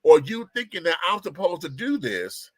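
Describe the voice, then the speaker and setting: A man's voice: a little high, very animated, moderate pace, no echo. A man hosting a live-stream gossip show, sassy, theatrical and profane, chatting to viewers while he fixes his setup. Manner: talks to the audience while fixing tech. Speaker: show host.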